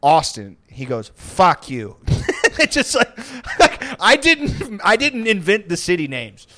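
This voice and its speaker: A man chatting casually on a comedy podcast, telling a rambling story with laughs and quick put-on voices. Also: high voice, sing-song, sharp tone.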